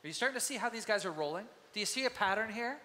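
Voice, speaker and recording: A man preaching with a high, bright voice that carries through a long hall reverb. He is animated and talks to the congregation the way one talks to friends, and he acts out the voices of biblical figures. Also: rapid-fire. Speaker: pastor. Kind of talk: sermon. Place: church sanctuary.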